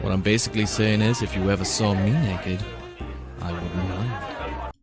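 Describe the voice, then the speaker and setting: A man voicing a smooth, suave and flirtatious male charmer. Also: deep voice, fairly even intonation, moderate pace, close to an everyday voice. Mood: seductive. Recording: music playing behind.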